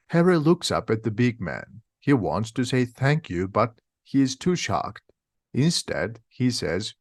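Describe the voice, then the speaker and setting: A man reads a simplified story aloud for learners, slow and clear. His pitch moves in a lively way. The sound is dry, right at the mic. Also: dry recording. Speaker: reader. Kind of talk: slow graded-reader story narration for learners.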